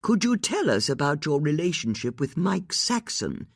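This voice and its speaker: The audiobook narrator voicing a composed amateur woman detective who asks steady, pointed questions. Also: mid-range voice, moderate pace, gravelly, breathy edge, no echo, clean studio sound, pitched above the performer's own voice, full character voice. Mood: probing. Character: sharp, composed older woman sleuth.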